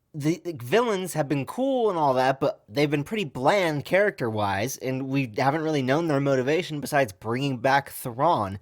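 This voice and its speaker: A man giving a casual video review of a TV episode, in a sarcastic and complaining way. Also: medium pitch. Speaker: TV show reviewer.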